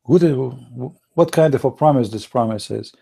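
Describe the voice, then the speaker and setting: A man, hosting a mocking commentary on pictures he shows, sarcastic and laughing with mock excitement. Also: mid-range voice, moderate pace, creaky, husky. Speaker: channel host.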